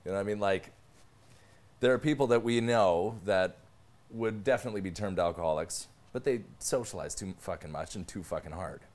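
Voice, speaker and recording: Deep-voiced man telling stories. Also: brisk, a little mellow. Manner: storytelling, laughs often, swears casually. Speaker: podcast guest. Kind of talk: casual podcast chat.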